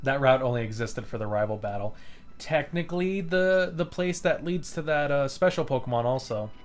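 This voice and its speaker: A man in the middle of his pitch range talks through a live playthrough in loose, rambling commentary. He swears freely and keeps breaking into small chuckles as he plays, with faint music underneath. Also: animated, normal speed. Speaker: streamer.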